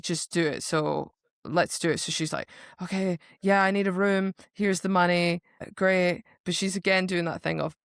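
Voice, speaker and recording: A woman's voice: on the low side, steady tone, normal speed, vocal fry, no room sound, studio quality. A woman co-hosting a podcast, casually recapping a book and acting out the characters' lines with swearing and laughter. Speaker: podcast co-host.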